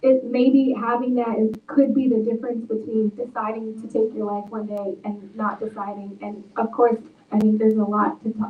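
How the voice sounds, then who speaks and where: A woman's voice: medium pitch, slight background noise. A woman author speaking at a book talk, telling stories earnestly and reflectively. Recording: tinny, echoey, far from mic.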